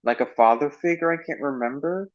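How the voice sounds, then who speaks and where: A man's voice: on the high side, a little fast. A man hosting a casual voice-chat stream, chatty and enthusiastic, often laughing. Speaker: stream host. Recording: lo-fi online voice chat.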